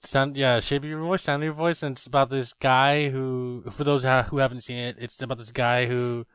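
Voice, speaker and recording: Man, smooth voice, dry close sound, relaxed casual chat. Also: medium pitch, moderate pace, dry recording. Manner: relaxed, chuckling listener with short reactions.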